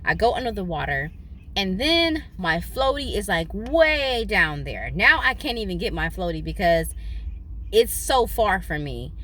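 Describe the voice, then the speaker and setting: A young woman vlogging from inside a parked car, telling a story animatedly into her phone. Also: a little slow. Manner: animated, dramatic retelling with big pitch jumps. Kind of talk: casual storytelling.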